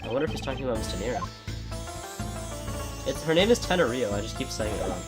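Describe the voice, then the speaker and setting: A man's voice: mid-range voice, very animated, quick pace. A man chatting casually and self-deprecatingly while playing through a game. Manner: chatty, self-deprecating, laughs at own mistakes. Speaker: game streamer. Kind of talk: casual let's-play commentary. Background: game music.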